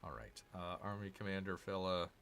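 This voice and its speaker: A man's voice: low-pitched, brisk, creaky, a bit bright, a little hiss or hum. A man giving casual gameplay commentary, grumbling and sarcastic as he talks to his viewers. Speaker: gaming channel host.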